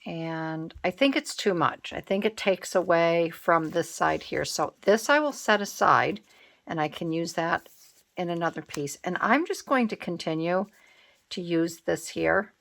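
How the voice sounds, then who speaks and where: A woman narrates her crafting at an unhurried pace, thinking aloud and second-guessing her choices. Her voice sits a little low and carries a gravelly fry, with a relaxed, casual delivery. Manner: thinking aloud, hesitant and musing. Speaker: craft channel host.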